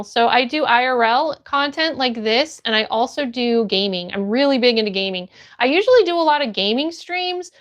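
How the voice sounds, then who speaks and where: Bubbly high-voiced young woman streamer. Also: a bit bright, highs cut off. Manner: bubbly, greets viewers by name. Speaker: livestream host reading chat. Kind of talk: casual live chat. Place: home, phone stream. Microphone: phone.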